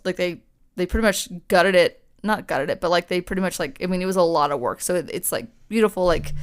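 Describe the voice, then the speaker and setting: Young woman, podcast co-host, casual rambling chat, smooth clear voice, lots of swearing. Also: medium pitch, a bit bright. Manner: chatty, swears a lot, many fillers. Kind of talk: casual chat, telling a ghost story.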